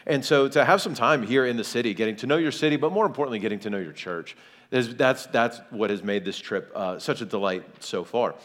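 Speaking a little fast in a mid-range, somewhat bright voice, a guest preacher from Kentucky in his forties delivers a sermon. He tosses friendly jokes to the congregation, and the large church hall adds a long reverb.

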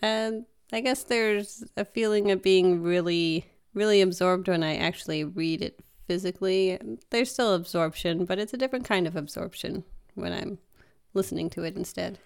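A woman co-hosting a podcast, with a smooth, clear voice that sits fairly low for a woman. She talks about her work in an earnest, thoughtful way. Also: moderate pace. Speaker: podcast co-host and fantasy author. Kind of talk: casual chat.

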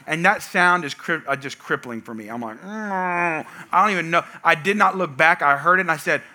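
High, bright-voiced preacher telling stories. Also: male voice, fast. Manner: energetic storytelling, shouting punchlines. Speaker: pastor. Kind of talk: sermon.

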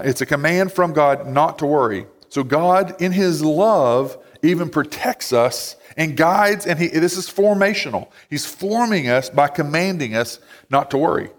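A man's voice: fairly high pitch, fairly bright tone. A man preaching a sermon in a casual, conversational way, full of "like" and "you know.". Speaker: pastor. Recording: long hall reverb.

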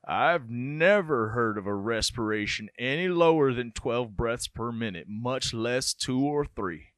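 A man voicing a small-town male doctor with a put-on Southern US accent, speaking slowly in an awed drawl. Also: medium pitch, animated, a bit bright, dry recording, studio quality. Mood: amazed.

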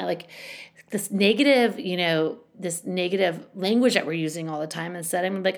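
A woman's voice: lowish voice, animated, brisk. A middle-aged woman hosting a podcast, giving casual parenting advice in a chatty way full of "you know" and "like". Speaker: parenting podcast host and school educator.

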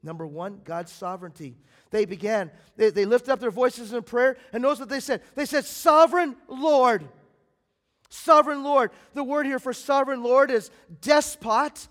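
A man preaching a sermon as pastor, swinging between loud emphatic bursts and quiet, low passages. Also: moderate pace. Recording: long hall reverb.

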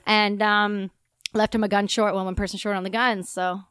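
A woman from Canada, an army veteran, telling war stories in a casual interview with a lively, slangy manner. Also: medium pitch. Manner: animated and slangy, with quick asides.

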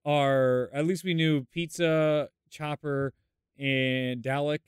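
Young guy podcast cohost, high bright voice, dry close mic, acts out quotes all animated. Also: slow pace, clear, resonant tone, dry recording. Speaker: podcast co-host. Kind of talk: casual chat, storytelling.

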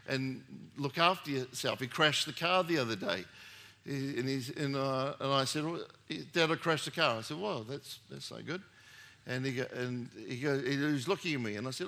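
Middle-aged male pastor, bright forceful tone, chatty storytelling sermon with emphatic bursts. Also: mid-range voice. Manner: conversational storytelling with rising emphatic peaks.

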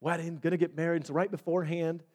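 A laid-back older mentor pastor brushes off worries in a casual, unbothered tone, as a man quotes him during a sermon. The voice stays close to the preacher's own, only slightly higher. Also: level tone, fast, warm tone, close to an everyday voice. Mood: breezy. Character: reassuring older male mentor pastor, breezy.

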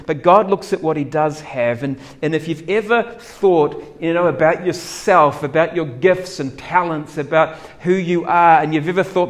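A man preaching a sermon, acting out doubts and voices of the people in the story with big swings in loudness. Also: on the high side, moderate pace. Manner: animated, acts out characters' doubts with dramatic swings in loudness. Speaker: pastor.

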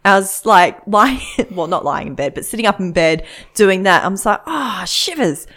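A woman's voice: mid-range voice, expressive, moderate pace, fairly bright tone. A woman co-hosting a podcast, chatting casually and laughing through her story. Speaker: podcast co-host. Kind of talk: casual chat.

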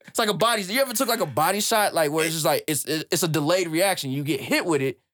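A young man co-hosting a casual podcast, talking about music in an animated, profane way and leaping into a high excited voice when he quotes himself. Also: quick pace, dry recording, studio quality. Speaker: podcast co-host.

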